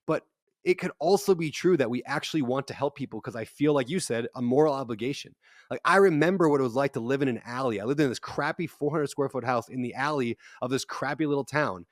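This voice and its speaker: Animated storytelling man, dry close sound. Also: medium pitch, dry recording. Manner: animated storyteller, acts out quotes. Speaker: guest, real estate investor. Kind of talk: casual podcast conversation.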